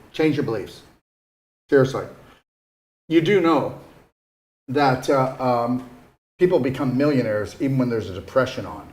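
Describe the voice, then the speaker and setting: A man's voice: fairly high pitch, darkish tone. A man giving a casual, earnest motivational talk as a wellness retreat host, coaxing his listeners and often checking in with "okay?". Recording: echoey room.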